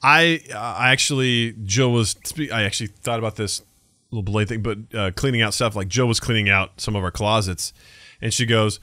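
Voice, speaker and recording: A man's voice: on the low side, a little fast, no echo, clean studio sound. A man in his thirties co-hosting a podcast in casual chat, telling stories animatedly and acting out the people he quotes. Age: 30s. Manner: animated storyteller, acts out quotes. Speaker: podcast co-host.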